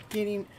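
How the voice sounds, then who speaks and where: Woman tarot reader on a noisy stream. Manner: repetitive, soothing spiritual phrasing; laughs often and chats with viewers. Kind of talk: live-streamed tarot reading.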